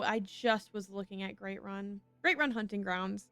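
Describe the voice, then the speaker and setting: A woman's voice: medium pitch, unhurried, creaky, hardly any pauses, no room sound. A young woman streaming a video game, chatting casually, swearing now and then and reading game text aloud. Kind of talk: casual gameplay commentary. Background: game music.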